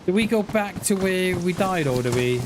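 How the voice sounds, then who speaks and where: A man with a high-pitched, expressive voice chats at normal speed while streaming a game. His jokey banter with viewers is casual and playful, set against background noise.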